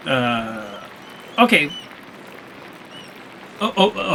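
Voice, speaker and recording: A man's voice: fairly high pitch, sing-song, takes it slowly, long pauses, pushed and bright, a little hiss or hum, rough recording. A man giving casual, self-mocking commentary while playing a story game, stumbling over hard words, his voice a little strained. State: slightly strained voice. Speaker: let's play streamer.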